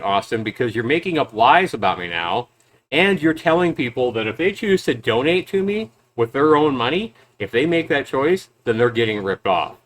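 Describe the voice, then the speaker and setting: Guy doing a sarcastic reaction vlog, mocking tone, regular mid voice. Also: medium pitch. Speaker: YouTube game reviewer and developer. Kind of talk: reaction commentary.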